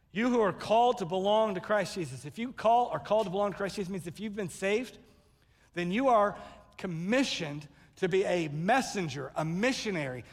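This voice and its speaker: A man preaching a sermon from the pulpit, his voice sitting high. He tells stories and acts out the people in them with sudden loud bursts. The sound carries a long reverb from the church hall. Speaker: pastor. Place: church sanctuary.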